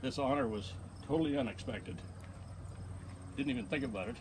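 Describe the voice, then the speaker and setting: A man's voice: medium pitch, brisk, background noise. A man giving informal acceptance remarks to a gathering, telling stories and a joke in a folksy way. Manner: folksy storyteller, telling a joke with quoted voices. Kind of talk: casual speech to a gathering.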